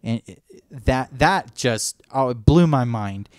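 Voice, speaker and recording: Recorded in studio quality with no room sound, a man speaks slowly in a medium-pitched, darkish voice with lively intonation. He co-hosts a podcast, enthusiastically rambling in casual fan chat and performing movie lines.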